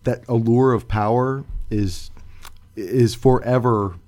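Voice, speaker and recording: Male podcast host, relaxed darkish voice, halting casual delivery. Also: medium pitch. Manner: hesitant, halting with many fillers. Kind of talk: casual discussion.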